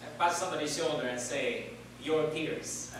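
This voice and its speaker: A man preaches in a church hall, his voice on the high side and his speed normal, with background noise present. He prompts the congregation to respond and repeat words, and the sound is echoey, captured from a distance.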